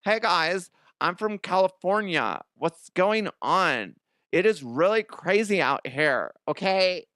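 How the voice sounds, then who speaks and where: An upbeat young podcaster bro, as a man puts him on, drawls slowly in a breezy valley-style put-on. The voice sits a little higher than the man's own. The pitch moves a lot. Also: animated, bright, forceful tone, no room sound, studio quality, heavily acted. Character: airy upbeat young male California podcaster.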